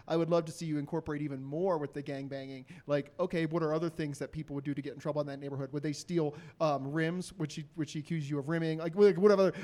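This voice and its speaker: A man's voice: fairly high pitch, a little mellow. Rambling earnest male comedy judge. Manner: rambling, earnest, many fillers. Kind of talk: comedy workshop feedback.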